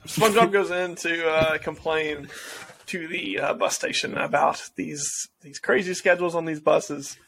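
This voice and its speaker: Bright, chuckling podcast guy. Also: a little high, steady tone, unhurried, creaky, slight background noise. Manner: laughs often, retells scenes with many fillers. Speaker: podcast co-host. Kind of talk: casual chat recapping a cartoon episode.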